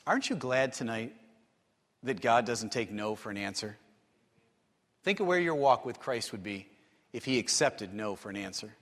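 A man preaching a sermon, telling stories and acting out the people in them, building to excited, animated stretches. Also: mid-range voice, normal speed, pauses often. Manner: storytelling, acts out quotes, rises to excited bursts. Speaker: pastor. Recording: long hall reverb.

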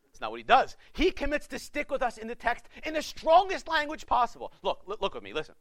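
A male pastor preaching a sermon with passion, swinging between loud urging and hushed pleading. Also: very high-pitched, wildly swooping pitch, fast, vocal fry, hardly any pauses, no echo.

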